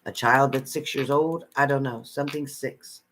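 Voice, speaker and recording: A man's voice: mid-range voice, steady tone, moderate pace, a bit bright, slight background noise. A man giving live psychic readings to viewers from home in a chatty manner, repeating phrases and calling people by name. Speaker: psychic reader.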